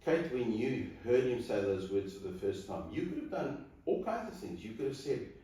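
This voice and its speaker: This celebrant, a man, coaches a couple earnestly before they marry, talking at normal speed in a mid-range voice that's sing-song yet dark in tone. Faint noise, room echo and a far-off mic mark the recording.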